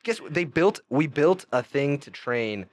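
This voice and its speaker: A man, a podcast guest telling rambling stories in casual chat with frequent laughs. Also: a little slow. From Canada. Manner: animated, rambling storytelling with frequent laughs and pitch jumps.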